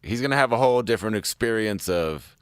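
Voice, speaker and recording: A man's voice: fairly low pitch, expressive, quick pace, clean tone, no echo, clean studio sound. A hungover young man hosting a podcast, chatting in a laid-back way, swearing freely and laughing often. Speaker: podcast host. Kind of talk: casual chat.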